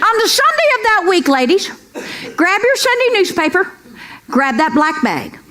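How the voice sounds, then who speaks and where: Onstage at a comedy club, a middle-aged woman delivers a folksy, sassy stand-up set, calling the crowd "girls" and asking for amens. Her very high voice swoops wildly in pitch at a normal speed, and the live recording picks up audience laughter and room noise.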